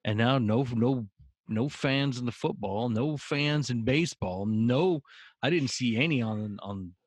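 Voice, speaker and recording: A man in casual chat, laid-back, swearing and chiming in with quick agreement. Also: mid-range voice, slightly rough, no echo.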